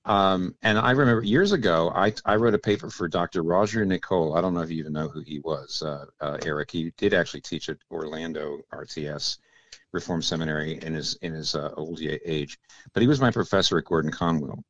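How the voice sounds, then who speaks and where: Deep-voiced theologian man, teacherly. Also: no room sound, highs cut off. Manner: measured, teacherly, often drops to a quiet aside. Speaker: theologian guest. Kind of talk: explanatory interview talk.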